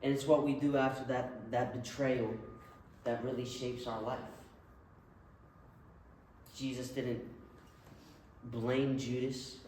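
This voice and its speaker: A man's voice: medium pitch, little pitch movement, slow pace, pauses often, a little mellow, a little hiss or hum. A man preaching a sermon, retelling a story earnestly and vividly. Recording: very echoey room, mic far off.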